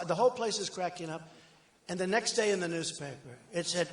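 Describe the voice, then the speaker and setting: An older man giving a rambling, boastful campaign rally speech, conversational with sudden loud bursts. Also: high-pitched, expressive, fast, noisy background. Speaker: political candidate at a rally. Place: large outdoor rally crowd. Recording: echoey rally PA with crowd ambience.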